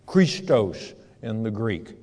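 Slow, low-voiced man preaching in a hall. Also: very animated, a little mellow, breathy edge. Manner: reads scripture, then explains it plainly. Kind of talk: verse-by-verse Bible teaching.

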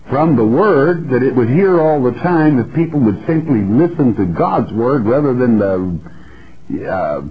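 Man, Bible teacher on air, folksy and blunt, emphatic, mid-pitched voice, dull lo-fi broadcast sound.

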